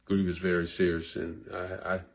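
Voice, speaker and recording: A man's voice: deep voice, level tone, moderate pace, highs cut off. A man hosting a talk show as a therapist, talking earnestly and repeating himself like a preacher, sometimes emotional. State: emotional, grieving. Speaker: therapist host. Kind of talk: casual monologue to camera.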